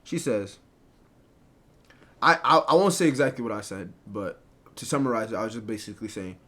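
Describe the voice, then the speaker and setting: A man's voice: on the low side, expressive, brisk, pauses often, sharp tone. A young man casually telling a personal story to a live chat, rambling and filling with "right?" and "like". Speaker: storyteller streamer.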